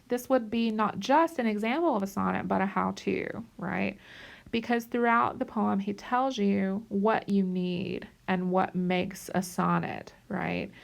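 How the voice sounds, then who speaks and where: A woman teaching a recorded lecture over slides, unhurried and checking in often with the listener. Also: medium pitch. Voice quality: creaky. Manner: unhurried, checks in with "okay?" and "right?".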